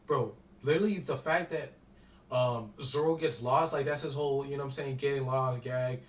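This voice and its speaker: A man's voice: mid-range voice, normal speed. A young man in heated, profane commentary, talking in slangy, exasperated bursts. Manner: profane, slangy, exasperated rant with constant "bro". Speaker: commentator reviewing a show. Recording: echoey room, voice from a distance.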